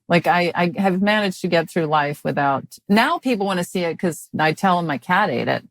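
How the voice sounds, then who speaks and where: A woman in her fifties from Mississippi, a comedian chatting as a guest in an interview in a dry, halting way, full of restarts and fillers. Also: fairly low pitch, animated, dry recording. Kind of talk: casual interview chat.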